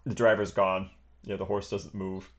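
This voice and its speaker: A man's voice: sits low, flat delivery, normal speed, highs cut off. Rambling game master, man. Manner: rambling, full of hedges and fillers. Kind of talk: narrating a tabletop game.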